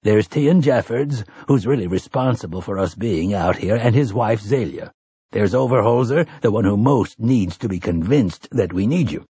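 A man voicing an earnest middle-aged priest who talks quickly and a little pleadingly. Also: lowish voice, lively intonation, warm tone, slightly rough, dry recording, studio quality.

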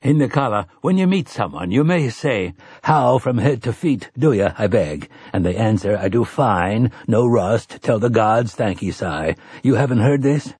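A man voicing an earnest middle-aged priest who talks quickly and a little pleadingly. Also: lowish voice, lively intonation, a little mellow, husky, dry recording, clean studio sound.

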